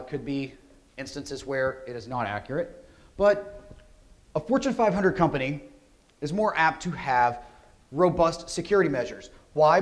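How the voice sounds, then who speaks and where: A man giving a security conference talk, energetic and conversational, often asking rhetorical questions. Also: mid-range voice. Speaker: conference speaker. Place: conference hall.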